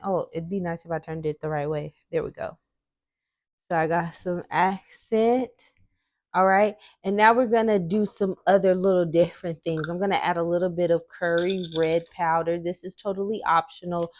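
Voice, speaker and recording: A woman's voice: on the low side, darkish tone, no room sound, dull audio. A woman hosting her own home cooking show, talking viewers through a recipe in a chatty, encouraging way.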